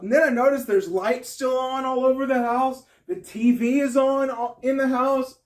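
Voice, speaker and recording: A man telling a comic story on stage, animated and breaking into high yelps and laughter. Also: moderate pace, hardly any pauses, far from the mic. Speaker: stand-up comedian. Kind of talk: storytelling stand-up.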